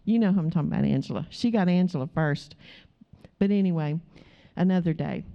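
A middle-aged woman telling a story in a sermon, acting out the dialogue as a lively storyteller. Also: lowish voice, brisk, vocal fry. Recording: dull, slightly muffled recording.

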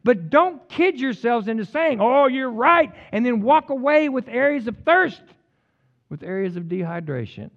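Animated preacher with a high, lively voice. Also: male voice, normal speed, muffled recording. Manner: animated preaching with sudden loud peaks and quiet asides; humorous, teasing the congregation. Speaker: pastor. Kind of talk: sermon.

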